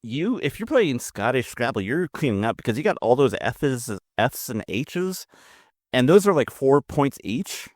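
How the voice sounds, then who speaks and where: A man's voice: mid-range voice, big pitch swings, unhurried, no echo, clean studio sound. A man co-hosting a podcast in casual, jokey chat, laughing often. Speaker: podcast co-host.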